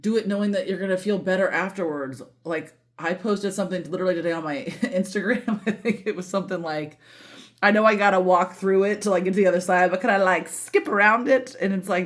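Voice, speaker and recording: Emotional, candid woman reading tarot. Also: low-pitched. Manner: emotional, candid, swears freely, lots of fillers. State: voice breaking with emotion. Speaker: tarot reader. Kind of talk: casual tarot reading monologue.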